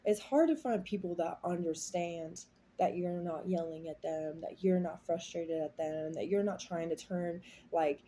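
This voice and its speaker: Low, mellow-voiced woman reading tarot. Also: unhurried, few pauses, slight background noise. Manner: rambling, heartfelt, confiding. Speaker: tarot reader. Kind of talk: casual tarot reading monologue.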